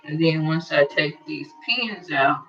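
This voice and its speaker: Woman quilting instructor, unhurried and bright-toned, talking through her steps casually; dull lo-fi sound, set back from the mic. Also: low-pitched, far from the mic, soft background music. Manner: chatty, thinks aloud while working. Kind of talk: casual sewing tutorial.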